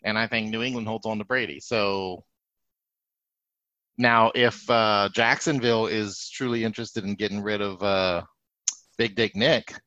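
A man's voice: lowish voice, fairly even intonation, a little slow, bright, forceful tone, no room sound. A man talking casually on a sports podcast, often hedging with "I mean". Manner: conversational, hedges with "I mean". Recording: slightly dull lo-fi sound.

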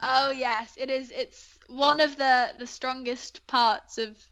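A woman's voice: high voice, steady tone, slow pace, fairly bright tone. A young British woman from England, an actress chatting politely and laughing easily in an interview. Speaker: guest actress. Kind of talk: casual interview chat.

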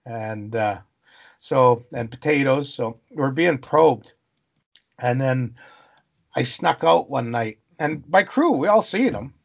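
A man from Canada tells wilderness stories as a podcast guest, animated and fond of long run-on lists. His mid-range voice carries a gravelly fry, and the recording is dull and lo-fi. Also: medium pitch, slow. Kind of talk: storytelling interview.

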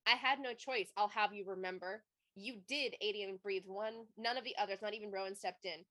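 A woman co-hosting a book podcast, reading passages aloud in a low, even voice and then gushing about the characters in casual chat. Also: brisk. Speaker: podcast co-host.

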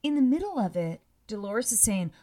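A woman's voice: mid-range voice, moderate pace. A woman co-hosting a podcast over a video call, chatting casually and profanely, mocking people with put-on voices. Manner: animated, profane, mocking mimicry of cast members. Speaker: podcast co-host. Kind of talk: casual chat about reality TV.

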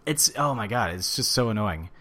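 A man co-hosting a casual wrestling podcast, ranting and swearing with animated bursts of shouting. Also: on the low side, normal speed. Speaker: podcast co-host. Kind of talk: casual wrestling recap chat.

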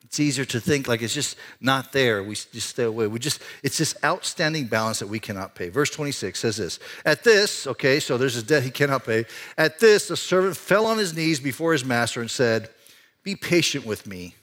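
A man pastor giving a conversational sermon in a church, swinging between excited rises and quiet, hushed stretches. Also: mid-range voice, a little fast. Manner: animated, conversational preaching with sudden rises and hushed drops. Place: church sanctuary.

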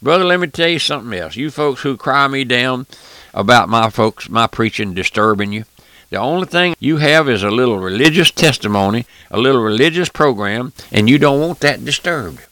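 Male radio preacher, fervent and emphatic, bright forceful voice, dry sound. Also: medium pitch, animated, normal speed, no room sound. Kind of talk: radio sermon.

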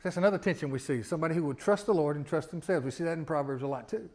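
A middle-aged male pastor delivers a sermon in a conversational style, posing rhetorical questions to the congregation and rising to loud, emphatic peaks. His voice sits on the high side, and he speaks very fast.

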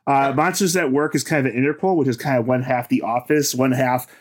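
Male podcast co-host, mid pitch, talkative, explains at length. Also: steady tone, brisk. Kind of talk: casual chat.

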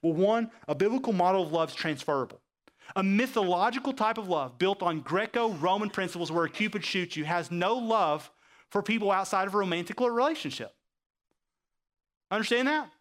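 A man's voice: high voice, a little fast. A male pastor preaching a sermon, acting out quoted characters and often asking his congregation if they understand. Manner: animated preaching, acts out quoted voices, asks the audience questions.

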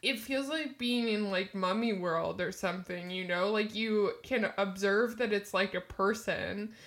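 Young woman co-host, chatty and animated, cursing freely, lots of laughter. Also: medium pitch, unhurried. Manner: animated, swearing, laughs often. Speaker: podcast co-host. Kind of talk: casual chat.

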